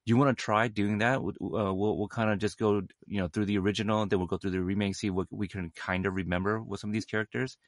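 Guy with a lowish voice chatting movies, lots of ums and restarts, dry close sound. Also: steady tone, no echo. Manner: halting, many fillers and restarts. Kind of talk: casual film discussion.

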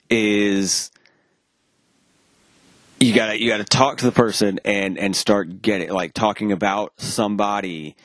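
A man with a lowish voice spins a rambling anecdote in casual chat. He acts out the voices of the people in his story, stumbling over restarts and dropping the occasional curse. The sound is dry and close, with no room around it. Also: dry recording. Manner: animated, acts out quoted dialogue; rambling with frequent restarts and profanity.

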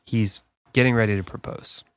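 A man's voice: on the low side, steady tone, normal speed, no room sound. A man co-hosting a podcast, relaxing into a long story with lots of fillers and laughs. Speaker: podcast co-host. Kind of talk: casual chat, storytelling.

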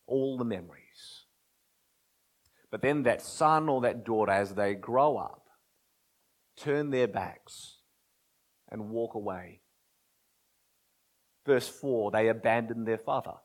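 A man preaching a sermon, moving between loud impassioned pleading and hushed, almost whispered lines. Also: mid-range voice. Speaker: pastor.

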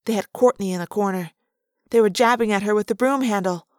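A woman's voice: medium pitch, a little fast, no echo, clean studio sound. A woman narrating a story aloud in first person, expressively acting out the action.

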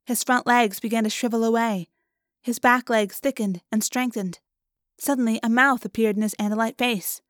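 A woman reading a first-person audiobook in a clear, even storytelling manner. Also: on the high side, normal speed, dry recording, studio quality. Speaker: audiobook narrator.

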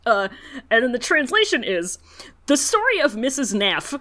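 A woman's voice: on the high side, lively intonation, normal speed, fairly bright tone. A woman co-hosting a casual podcast chat, reading aloud in exasperation and swearing. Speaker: podcast co-host.

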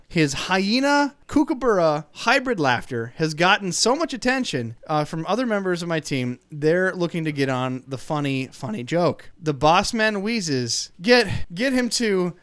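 A man's voice: fairly high pitch, a bit bright, clean tone, no echo. A man hosting a podcast who tells a funny story in a casual way, chuckling as he goes. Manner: chuckles through his lines. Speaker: podcast host reading stories.

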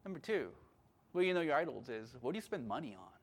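A man preaching a sermon with passion, at times loud, at times calm. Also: medium pitch, quick pace, slightly rough. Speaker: pastor.

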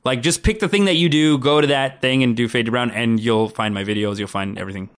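Man, interview guest, casual storytelling, acts out other people's lines, mid-pitched voice. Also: fast talker. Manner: animated storyteller, acts out quotes with big pitch jumps. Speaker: guest, comedian pitching a show.

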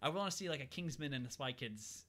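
A man talking fast and brightly in a relaxed podcast chat, recapping a film scene by scene. He keeps slipping into quick impressions of the characters as he tells it. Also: medium pitch. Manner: animated, acts out characters' lines. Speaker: podcast co-host recapping a movie. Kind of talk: casual chat.

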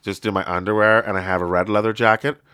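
Rambling, bright-voiced male podcast host. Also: fairly low pitch, steady tone, fast talker, smooth, no echo, clean studio sound. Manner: rambling, filler-heavy, jokey. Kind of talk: casual chat.

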